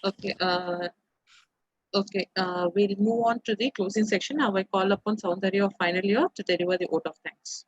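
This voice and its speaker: A woman hosting a webinar over a video call, talking haltingly with many fillers. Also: mid-range voice, no room sound, lo-fi sound. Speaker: webinar host.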